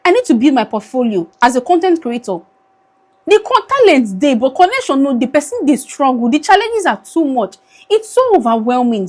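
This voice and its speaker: A young Nigerian vlogger with a high voice speaks into her phone camera in an emotional video, her Nigerian accent running through every line. She pleads in a tired, worn-down way, moving between English and Pidgin, with big swings in pitch at a moderate pace.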